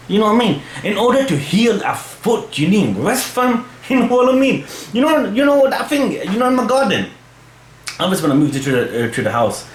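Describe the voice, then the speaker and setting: A young man, rambling casually in slang as he answers fan questions for his channel. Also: on the high side. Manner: slangy, rambling, full of "fam" and "you know what I mean". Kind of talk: casual chat. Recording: echoey room with faint hum.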